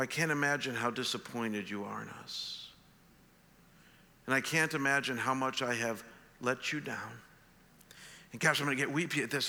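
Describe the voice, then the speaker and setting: Earnest middle-aged pastor, bright hall echo. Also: male voice, mid-range voice. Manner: earnest and conversational, with frequent restarts. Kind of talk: sermon. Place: church sanctuary. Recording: long hall reverb.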